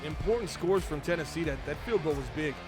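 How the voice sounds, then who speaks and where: High-voiced man calling a football game. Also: fast. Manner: chatty play-by-play, fan cheering on his team. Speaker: streamer playing a football franchise mode. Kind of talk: casual live-stream game commentary. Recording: game music playing behind voice. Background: video game music and sounds.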